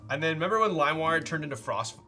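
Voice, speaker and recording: A man streamer builds a keyboard while chatting casually on a live stream, rambling and playful with lots of fillers. His voice is a little high, animated, bright and forceful, delivered rapid-fire over soft background music.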